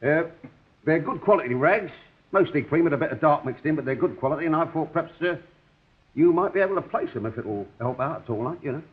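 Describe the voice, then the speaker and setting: A man's voice: on the high side, lively intonation, quick pace, close to an everyday voice. An actor playing a shy, kindly rag-and-bone man who stammers and hesitates, in 1960s sitcom style. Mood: hesitant. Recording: tinny old television audio.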